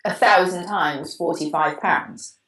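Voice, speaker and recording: A woman's voice: fairly low pitch, takes it slowly, reverberant, a crowd in the background, poor audio. A Welsh woman co-hosting a podcast, chatting casually and reading out a listener's question, with a digressive manner. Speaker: podcast co-host.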